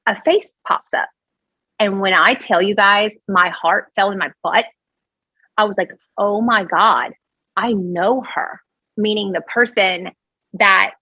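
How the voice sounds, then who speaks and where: A woman from Louisiana with a Cajun accent, a podcast guest telling a story in an animated, rambling way. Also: medium pitch, husky, no room sound, low-quality recording. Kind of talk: casual storytelling chat.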